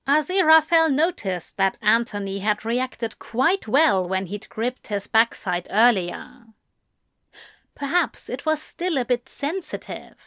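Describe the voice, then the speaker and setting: A woman reads fan fiction aloud in an even storytelling voice. Her pace is slow and deliberate. The recording is dry and close, with no room sound. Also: on the high side, no room sound. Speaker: narrator.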